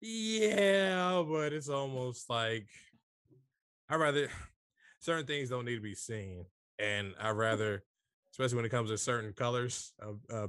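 A man's voice: fairly low pitch, a bit bright, no room sound, studio quality. A man rambling in casual podcast chat among friends, loose and full of fillers and swearing.

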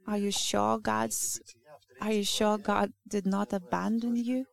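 A woman whose first language is Lithuanian, preaching a sermon in an earnest, halting way with many restarts. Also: mid-range voice, flat delivery, creaky.

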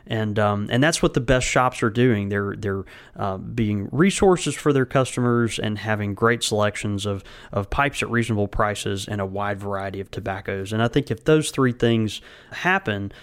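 A man hosting a casual podcast, speaking in a halting way with frequent fillers, restarts and easy laughter. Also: fairly low pitch, clear, resonant tone. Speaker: podcast host. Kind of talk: casual podcast chat and sponsor read.

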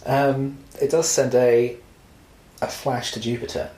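A man's voice: medium pitch, little pitch movement, measured pace, dark tone, roomy sound, rough recording. A man co-hosting a casual film podcast, recapping the plot and teasing and correcting his co-host.

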